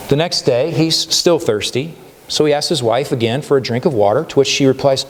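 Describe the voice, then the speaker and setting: Brisk and mid-range, a male pastor's voice comes through with slight background noise. Delivering a sermon in the church sanctuary, he preaches conversationally, tagging lines with "right?" and frequently restarting, while the hall carries a long reverb.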